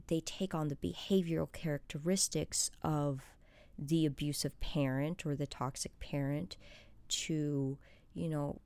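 A woman vlogger speaking earnestly and openly about her recovery, soft-spoken and nervous, at times dropping to a hushed whisper as she reads her journal aloud. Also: low-pitched, dry recording. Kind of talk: candid personal monologue, reading her journal aloud.

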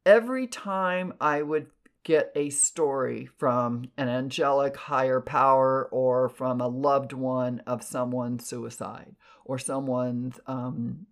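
A woman clairvoyant telling stories in an animated, expressive way. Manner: animated, expressive, jumps in pitch for emphasis. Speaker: clairvoyant podcast guest. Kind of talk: casual storytelling.

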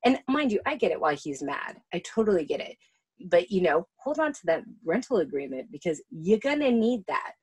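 A woman co-hosting a casual film chat, animated and profane, often acting out lines. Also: lowish voice, brisk, slightly rough. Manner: animated and profane, acts out quotes. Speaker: podcast co-host.

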